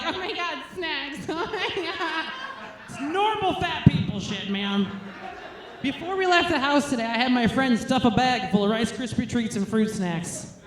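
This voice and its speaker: A woman's voice: fairly high pitch, normal speed, a crowd in the background. Woman comic, frank and filthy, laughing at herself, recorded in an echoey club. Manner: crude, blunt and self-mocking; laughs between lines. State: nursing a baby on stage. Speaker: stand-up comic. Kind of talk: stand-up set. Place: comedy stage, roomy venue. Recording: roomy live venue recording.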